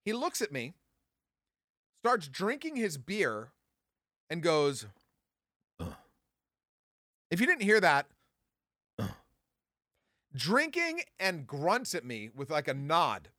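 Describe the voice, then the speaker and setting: A man in his thirties from Southern California, casually telling profane stories on his podcast with big jumps in pitch. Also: wildly swooping pitch, unhurried, bright, forceful tone, no room sound, studio quality. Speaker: podcast host. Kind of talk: casual storytelling.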